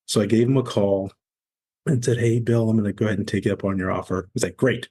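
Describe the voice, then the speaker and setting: A man in his forties tells his story as a podcast guest. His voice sits low and sounds husky. He speaks candidly and acts out the dialogue of the people in his story. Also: fast. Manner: candid, animated storyteller acting out quoted dialogue. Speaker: podcast guest, former Navy SEAL. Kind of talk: conversational storytelling interview.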